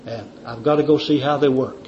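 A man's voice: medium pitch, fairly even intonation, a little fast, a little mellow, echoey room, slight background noise, voice pushed down, lightly acted. A man voicing a polite male guest who keeps apologizing and making excuses. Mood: apologetic. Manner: apologetic, ingratiating. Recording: dull lo-fi recording.

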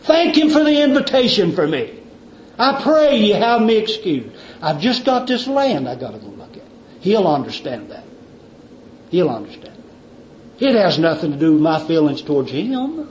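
Brief: a preacher playing an ingratiating male guest, high-pitched and apologetic, on a dull lo-fi recording. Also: big pitch swings, normal speed, darkish tone, echoey room, slight background noise. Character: polite male guest making excuses.

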